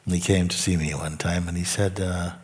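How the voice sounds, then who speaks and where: A man giving a spiritual talk as a teacher, telling a story unhurriedly, with soft asides that sink almost to a whisper. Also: sits low, level tone, a little fast, husky, big-room sound.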